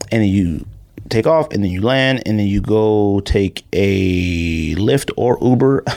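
A man's voice: on the low side, warm tone. A man hosting a sneaker podcast, talking casually in a rambling, joking, storytelling way. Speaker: podcast host.

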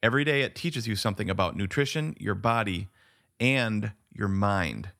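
Laid-back podcast co-host, low voice. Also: male voice, moderate pace, vocal fry, fairly bright tone. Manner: laid-back, says "dude" a lot. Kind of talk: casual podcast chat. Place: home studio, Atlanta.

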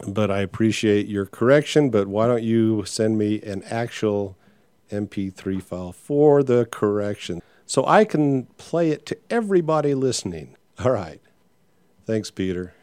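In a casual podcast monologue, the older male host talks frankly and wanders off track, filling gaps with many filler sounds. His voice is fairly low and a little mellow, captured in a dry recording.

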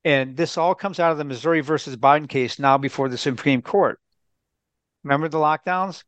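A man's voice: fairly high pitch, a little fast, fairly bright tone, dry recording. Emphatic man lecturing on a radio show. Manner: emphatic, lecturing, lists points. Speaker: guest commentator. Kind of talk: radio talk show commentary.

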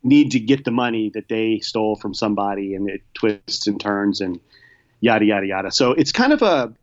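A man's voice: on the low side, lively intonation, normal speed, highs cut off. A man co-hosting a casual movie-review chat, easygoing and hesitant, hedging often. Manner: easygoing, hesitant, lots of fillers. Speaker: podcast co-host reviewing movies.

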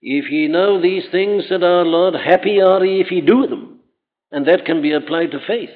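A man preaching a sermon, earnest and emphatic, his voice climbing sharply when he presses a point. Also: on the high side. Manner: earnest, emphatic, rising to exclamations. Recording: tinny phone-like old hall recording with long reverb.

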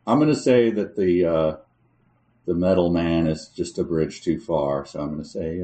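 Low-voiced wry man in an echoey room. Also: moderate pace, dark tone. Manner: wry, exclaiming, mock-exasperated. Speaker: podcast co-host guessing real or fanfic. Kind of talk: casual podcast chat.

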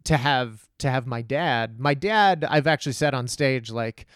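Animated, smooth-voiced middle-aged man from Texas. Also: mid-range voice, measured pace, no echo, studio quality. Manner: animated storyteller who acts out quoted voices, blunt and profane. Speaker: stand-up comedian, guest. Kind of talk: casual podcast conversation.

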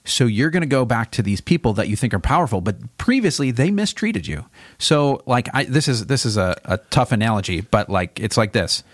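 A man, a pastor co-hosting a podcast, talking through a Bible chapter in a thoughtful, casual way that turns animated when he voices God's questions. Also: mid-range voice, fairly quick, dry recording, clean studio sound.

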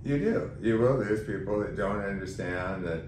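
A man guest on a podcast, candidly telling a personal story in an emotional, animated way and acting out quoted dialogue. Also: on the low side, normal speed. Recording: roomy echo, faint background noise.

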